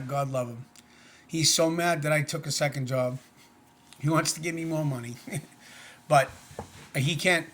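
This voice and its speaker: Earnest middle-aged man, slightly high voice. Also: bright, forceful tone. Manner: earnest, plainspoken, rambling. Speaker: vlogger. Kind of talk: casual personal vlog.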